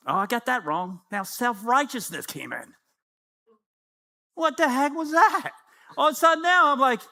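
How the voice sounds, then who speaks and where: A man's voice: very high voice, very animated, normal speed, bright, forceful tone. A man in his fifties preaching a sermon, acting out little dialogues with the Lord as he goes. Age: 50s. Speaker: pastor.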